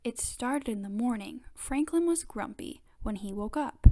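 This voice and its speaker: A woman reads a children's picture book aloud in clear, expressive storytelling. Her voice sits a little high. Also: unhurried.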